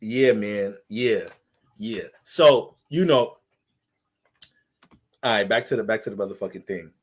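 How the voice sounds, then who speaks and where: A man's voice: on the low side, a little slow, slightly rough. A man hosting a casual astrology livestream, loose and profane, joking and talking straight to his viewers.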